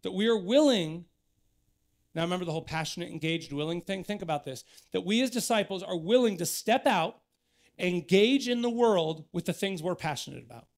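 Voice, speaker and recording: A man's voice: high voice, lively intonation, brisk. A man in his thirties, a pastor preaching an earnest sermon in church that builds to emphatic exhortation.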